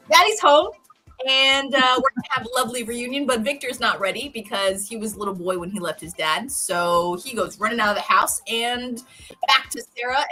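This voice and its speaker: A woman co-hosting a podcast, recapping a TV episode in a casual, animated and profane storytelling way. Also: mid-range voice. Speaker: podcast co-host.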